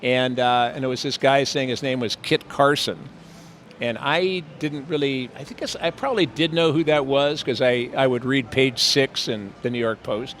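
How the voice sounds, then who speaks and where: Out on a city street, an older man, an actor, rambles through interview anecdotes with lots of fillers and playful impressions. His medium-pitched voice is steady and a bit bright at normal speed, with slight background noise.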